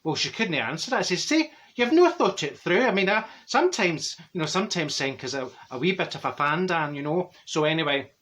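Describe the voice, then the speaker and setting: A man's voice: fairly high pitch, expressive, a little fast, few pauses, a bit bright. A man voicing a chatty, straight-talking older woman from Glasgow in a Glaswegian accent, rambling and laughing through her comic stories. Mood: cheeky. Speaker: comedy character. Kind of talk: comic monologue to camera.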